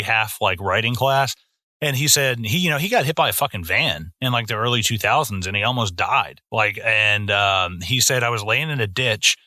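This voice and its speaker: A man in his twenties talks in a loose, swearing rant, co-hosting a film podcast. His voice is bright, with a sharp edge. The sound is dry and close to the mic. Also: on the low side, dry recording. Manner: profane, ranting, jumps into mock voices. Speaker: podcast co-host. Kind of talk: casual film-review chat.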